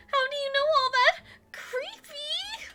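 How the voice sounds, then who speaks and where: A woman's voice: unhurried, soft background music, full character voice. A woman playing a squealing, bubbly young witch. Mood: excitable. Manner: high, squealing and animated.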